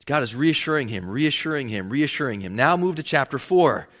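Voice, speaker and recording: A man's voice: mid-range voice, animated, a little fast, fairly bright tone. A man preaching a sermon, reading scripture and explaining it in a conversational way, acting out the lines of the people in the text. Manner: conversational, acts out the characters' lines in the passage. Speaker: pastor.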